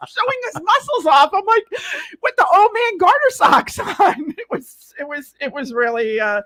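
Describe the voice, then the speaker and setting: A woman co-hosting a casual chat show, telling animated stories with laughs and loud acted-out quotes. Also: very high voice, normal speed. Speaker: co-host.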